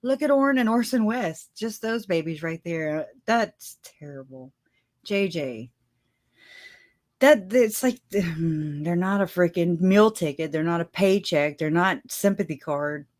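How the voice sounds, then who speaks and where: A woman's voice: low voice, a little mellow. A woman hosting a casual livestream, chatting with her viewers and laughing often as she talks. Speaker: livestream host.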